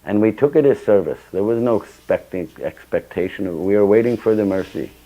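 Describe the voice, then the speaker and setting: A man's voice: lowish voice, fairly quick, dull audio. An older man giving a temple scripture class, telling personal stories and acting out the dialogue with sudden bursts of emphasis. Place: temple hall.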